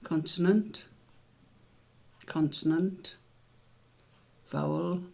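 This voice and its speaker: A man's voice: on the high side, steady tone, very slow, gravelly. A man hosting a casual word quiz, musing aloud over the letters and spelling words out. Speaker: quiz host.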